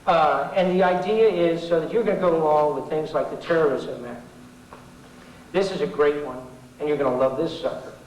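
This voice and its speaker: A middle-aged man speaks to an audience in a folksy, sarcastic, rambling way, full of asides. His voice sits somewhat high for a man. He was taped from a distance in a roomy hall with faint background ambience. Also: moderate pace, slight background noise. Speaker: public speaker. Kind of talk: informal political talk to an audience. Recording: echoey 1990s hall recording from far off.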